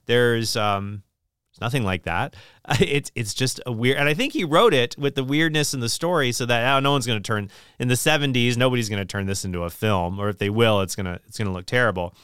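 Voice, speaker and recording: Smooth-voiced man rambling about books. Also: mid-range voice, a little fast, fairly bright tone, no room sound, studio quality. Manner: rambling, opinionated, many restarts. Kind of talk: casual chat about books.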